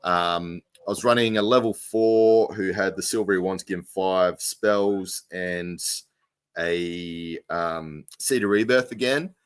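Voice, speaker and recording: A man with a very low voice talks in a loose, rambling way, full of "um"s and restarts. The sound is close and dry, with no room around it. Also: unhurried, clear, resonant tone, dry recording. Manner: rambling, lots of fillers and restarts. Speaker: podcast co-host. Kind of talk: casual chat.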